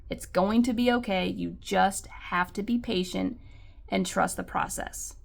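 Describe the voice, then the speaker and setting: A woman with a gravelly, fry-tinged voice who talks to other homeschool parents in an earnest, encouraging way. She sits in the middle of the female range in pitch and fills her sentences with likes and ums. Her tone stays warm in intent and reassuring. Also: fairly even intonation, a little slow. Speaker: homeschool mom and channel host. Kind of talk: encouraging talk to camera.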